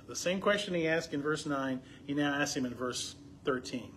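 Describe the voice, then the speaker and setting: A man's voice: a little high, moderate pace, a bit bright, slight background noise. A man leading a Bible study, asking the group questions and reading passages aloud with rising emphasis. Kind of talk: conversational Bible teaching.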